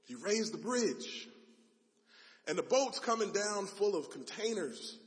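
Dramatic preacher telling a story, reverberant hall. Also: male voice, high-pitched, big pitch swings, slow. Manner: dramatic, swings from loud to hushed. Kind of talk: sermon storytelling.

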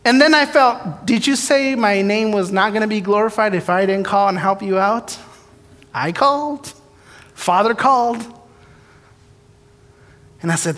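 A man's voice: high-pitched, a little slow, pauses often, a bit bright. A man preaching a storytelling sermon, who acts out his prayers and the dialogue in his stories. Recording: long hall reverb.

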